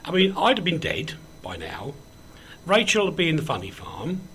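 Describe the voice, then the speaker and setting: A man's voice: fairly high pitch, wildly swooping pitch, moderate pace, a bit bright, slightly rough. A man hosting a casual radio chat show, joking and rambling with frequent ums as he moves between banter and news. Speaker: host.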